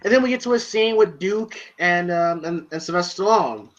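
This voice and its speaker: A man's voice: sits high, a little fast. A man reviewing a movie in casual chat, rambling and full of filler words. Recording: dull lo-fi sound.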